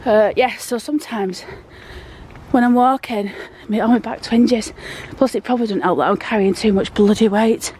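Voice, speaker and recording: A woman's voice: fairly high pitch, normal speed, a little mellow, a little hiss or hum. A woman, chatting in a rambling, down-to-earth way and out of breath as she walks outdoors with a handheld phone. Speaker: vlogger. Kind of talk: casual walk-and-talk vlog. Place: outdoors, walking through town.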